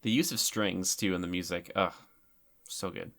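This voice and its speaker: A man with a low voice talks his way through a movie in relaxed, rambling commentary. He leans on filler words and reacts as he goes, close to the mic. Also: normal speed, gravelly. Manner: chatty and rambling, with many fillers. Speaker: film commentator. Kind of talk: casual film commentary.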